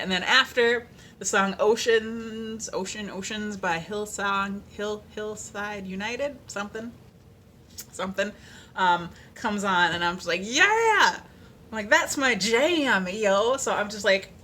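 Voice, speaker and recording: A woman vlogger chatting casually, animated and playful, with lots of fillers and little sung snippets. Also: medium pitch, measured pace. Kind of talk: casual chat.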